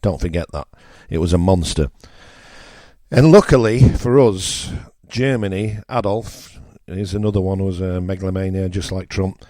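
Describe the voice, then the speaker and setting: A man's voice: sits low, moderate pace, mellow, no echo, clean studio sound. A man from northern England with a northern English accent, hosting a radio show and delivering a blunt, opinionated political rant with emphatic repetition.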